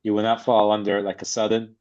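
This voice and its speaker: A man's voice: fairly low pitch, monotone, fast talker, darkish tone. A man speaking as a podcast guest about acting, blunt and emphatic in a streetwise way. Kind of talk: casual interview chat. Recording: slightly dull lo-fi sound.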